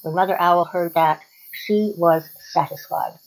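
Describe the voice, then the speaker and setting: A woman hosting a library radio show, reading a folk tale aloud in a lively, expressive way. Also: lowish voice, measured pace, rough recording. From Canada. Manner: expressive, lively read-aloud with voiced characters. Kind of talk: storybook read-aloud.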